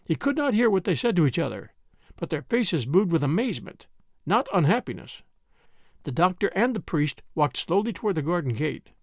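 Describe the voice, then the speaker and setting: Lively, gravelly male audiobook narrator. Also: fairly high pitch, no echo, studio quality. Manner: measured storytelling. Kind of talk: audiobook reading.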